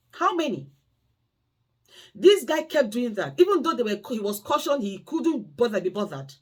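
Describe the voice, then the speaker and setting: A woman's voice: fairly high pitch, slightly rough. A woman carer vlogger telling cautionary stories and pleading emphatically with her audience. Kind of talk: impassioned storytelling monologue.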